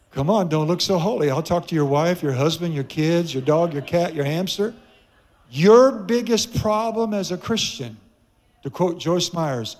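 A man preaching a sermon to a church congregation, emphatic and joking, repeating key phrases for weight. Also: fairly high pitch. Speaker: pastor.

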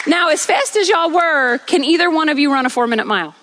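A woman preacher delivering an energetic sermon on a church stage, telling stories with rhythmic repetition. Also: sits high, brisk, a crowd in the background, background noise. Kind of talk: sermon with storytelling.

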